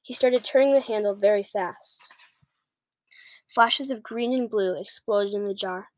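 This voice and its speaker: A woman's voice: mid-range voice, measured pace, dry recording. A woman reading a children's book aloud, now and then stumbling and restarting words. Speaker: reader.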